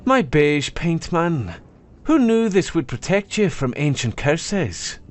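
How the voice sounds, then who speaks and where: A man voices a bold blacksmith wife in a fantasy storybook. She is hearty and blunt, and the voice sits well above his own. It is lively and forthright. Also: a little high, slow, soft background music, voice pushed up. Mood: tender. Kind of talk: storybook narration.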